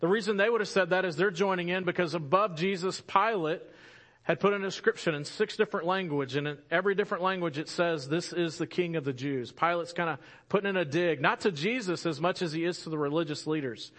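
This is a man with a high-sitting voice giving an animated, narrative sermon. He raises his voice to drive points home and drops it low and unhurried at pivotal moments.

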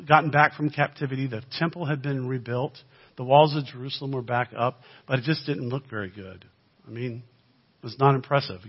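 A man's voice: mid-range voice, breathy edge, lo-fi sound. A man giving a sermon as a guest speaker, preaching in a conversational way with dry humor and frequent asides to the congregation.

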